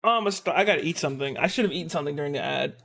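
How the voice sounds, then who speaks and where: A man's voice: a little high, animated, rapid-fire, gravelly, fairly bright tone. A young man hosting a live stream, chatting casually and joking with laughs and mock outbursts. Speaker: streamer host.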